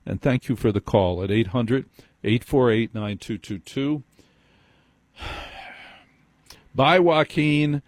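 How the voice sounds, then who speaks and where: A man's voice: fairly low pitch, measured pace, long pauses, warm tone, dry recording. A man hosting a late-night call-in radio show, wry and teasing, who cuts in on his callers. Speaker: radio talk show host. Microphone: studio microphone.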